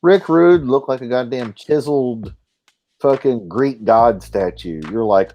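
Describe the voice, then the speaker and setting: A man hosting a live stream, talking in a rambling, profane, animated way. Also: mid-range voice, measured pace. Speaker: stream host. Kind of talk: casual chat.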